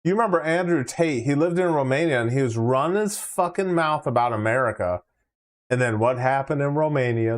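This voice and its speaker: A man's voice: medium pitch, a little fast, a little hiss or hum. A man hosting a casual livestream, reacting with laid-back, profane commentary and laughs. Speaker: livestream host.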